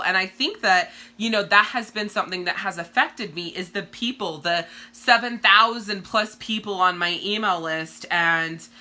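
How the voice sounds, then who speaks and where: Brief: woman, 30s, candid, profane live-stream coach with a bright, forceful, slightly low voice. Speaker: direct sales coach. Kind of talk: casual live-stream monologue.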